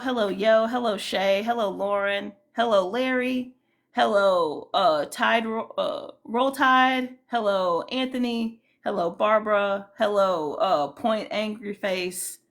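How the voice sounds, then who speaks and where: A woman's voice: fairly high pitch, gravelly. A woman hosting a casual livestream, chatting loosely and greeting viewers by name. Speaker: livestream host.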